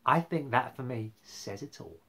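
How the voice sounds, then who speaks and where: A man's voice: mid-range voice, animated, moderate pace, bright, forceful tone. A man rambling casually about football on a live stream, full of fillers and restarts. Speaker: football fan vlogger.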